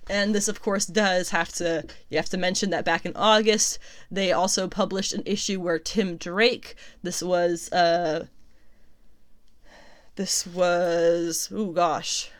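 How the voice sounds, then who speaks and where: With a fairly low, steady voice, a young adult woman delivers casual pop culture news commentary. She's chatty, quick to laugh, and often stops herself to make corrections.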